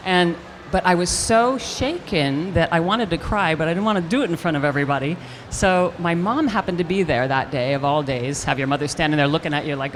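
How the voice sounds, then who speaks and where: An older actress telling an animated story in a live stage interview, acting out the voices of the people she quotes. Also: on the low side, a little fast, hardly any pauses, slight background noise. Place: convention stage with audience hall ambience.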